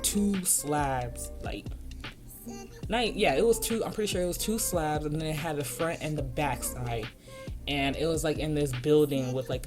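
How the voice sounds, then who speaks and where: Young adult telling a casual slangy story. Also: mid-range voice. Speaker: art vlogger. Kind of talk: storytime over a speedpaint.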